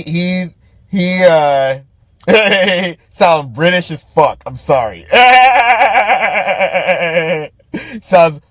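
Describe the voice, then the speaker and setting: A man's voice: sits high, no room sound. A man hosting a podcast, ranting about a movie in profane, casual commentary, laughing often and restarting his sentences. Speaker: podcast host.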